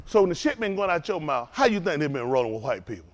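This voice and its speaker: Fiery, high-voiced man preaching. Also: big pitch swings, quick pace. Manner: profane, provocative, rhetorical questions to the room. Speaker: teacher of a religious study group.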